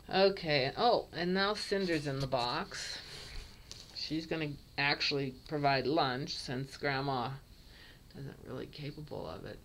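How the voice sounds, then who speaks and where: A woman's voice: low voice, measured pace, a bit bright, a little hiss or hum. A woman cat breeder narrating a casual home video, cooing baby talk at kittens.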